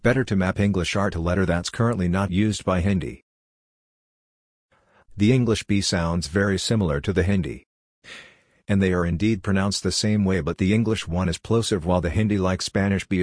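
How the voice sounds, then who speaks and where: A man with a low, deep voice narrates a script in a measured, explanatory way. His voice sounds close and dry, with almost no room sound around it. He talks like a language explainer walking through examples. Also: dry recording.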